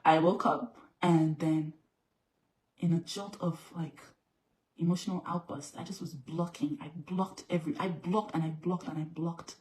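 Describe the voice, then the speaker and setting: A woman's voice: on the low side, normal speed, distant mic, heavy background noise. Woman recounting a story in an echoey room. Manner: repetitive, emphatic retelling. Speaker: vlogger. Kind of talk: personal storytelling to camera. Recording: roomy echo.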